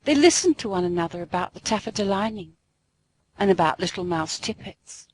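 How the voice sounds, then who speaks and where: A woman narrating a classic storybook aloud in an expressive, sing-song way. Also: mid-range voice, brisk, slightly rough, dry recording, low-quality recording.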